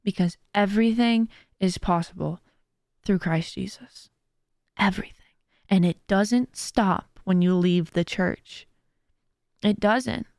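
Talking a little slowly, this woman has a medium-pitched, darkish voice in a dry, studio-quality recording. She hosts and streams her own podcast, offering heartfelt, casual encouragement driven by her faith.

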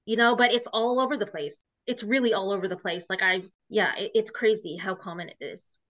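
A woman's voice: medium pitch, steady tone, a little fast, a bit bright. A woman guest telling her own story in an emotional, rambling way, full of restarts. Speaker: interview guest. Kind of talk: personal storytelling. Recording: dull lo-fi audio.

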